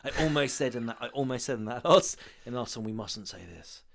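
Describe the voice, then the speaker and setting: A man's voice: medium pitch, fast talker. A man from the south of England co-hosting a casual podcast, rambling through stories with frequent laughter. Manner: rambling, laughs often, animated storytelling. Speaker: podcast co-host. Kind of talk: casual chat.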